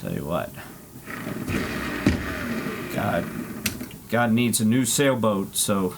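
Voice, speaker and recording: A man's voice: fairly low pitch, sing-song, slow, creaky, very noisy. A man streaming, telling a rambling, profane travel story with lots of fillers and laughs.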